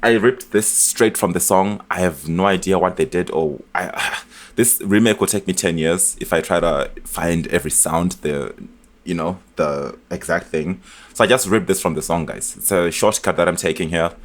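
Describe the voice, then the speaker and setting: A man explaining his music production in a casual tutorial, chatty and relaxed, with frequent fillers and restarts. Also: sits low, moderate pace. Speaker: music producer demonstrating a beat remake. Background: beat elements playing from the project.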